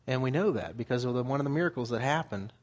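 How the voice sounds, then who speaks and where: A man preaching a sermon at a middle pitch. He reads scripture passages aloud, then explains them in plain, conversational terms. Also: lively intonation, fast.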